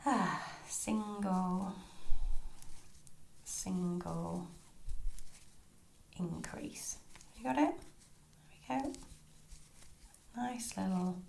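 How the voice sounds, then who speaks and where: A woman teaching crochet step by step, chatty and soft, often murmuring her stitch counts. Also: medium pitch, extremely slow, vocal fry, pauses often, slight background noise. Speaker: crochet tutor. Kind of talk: step-by-step craft tutorial. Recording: echoey room.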